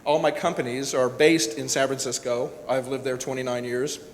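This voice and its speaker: A man's voice: fairly even intonation, normal speed. Man speaking personally in an echoey hall. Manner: personal, emotional, rambling with restarts. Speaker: event speaker, director-producer. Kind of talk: candid speech to an audience. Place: large hall. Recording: echoey hall with faint rumble.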